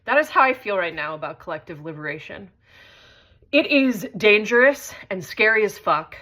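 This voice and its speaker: Bright-voiced woman hosting a casual vlog. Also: medium pitch, animated, normal speed. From United States. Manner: conversational storytelling with frequent swearing. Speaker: host.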